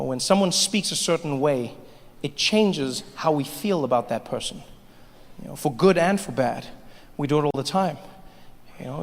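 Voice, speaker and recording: South African comic, reverberant live stage. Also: male voice, on the high side. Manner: storytelling with quick asides and mimicry. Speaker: stand-up comedian. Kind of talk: stand-up routine. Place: theater stage. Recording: reverberant live theater recording, faint noise.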